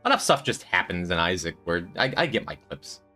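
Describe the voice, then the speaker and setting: A man's voice: low voice, very animated, a little fast, bright, forceful tone. A man streaming a game, chatting with viewers in a dry, joking way. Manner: dry, joking, talks to chat. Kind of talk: casual gameplay commentary. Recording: faint music behind.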